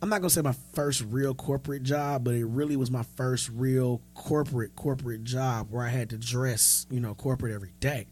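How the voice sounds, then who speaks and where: A man's voice: medium pitch, a little fast, hardly any pauses, slight background noise. A man in his thirties co-hosting a podcast, telling stories in casual chat and acting out the dialogue he quotes, frank and profane. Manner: animated storyteller who acts out quoted dialogue. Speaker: podcast co-host.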